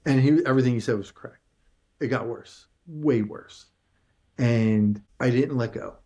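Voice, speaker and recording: A man's voice: mid-range voice, unhurried, mellow, highs cut off. A male screenwriter as an interview guest, telling a personal story in an earnest, emotional, casual way.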